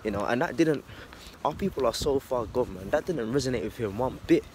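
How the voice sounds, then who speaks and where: A man's voice: medium pitch, expressive, a little fast, a little mellow, a little hiss or hum. A man talking casually about faith in a loose, slangy monologue, swearing and ending lines with "man.". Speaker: religious vlogger.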